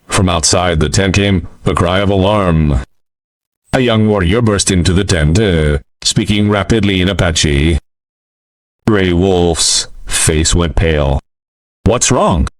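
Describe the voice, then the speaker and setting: A man narrating a western story in a measured way, with occasional fillers, on a close mic. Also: low-pitched, dry recording, far from the mic.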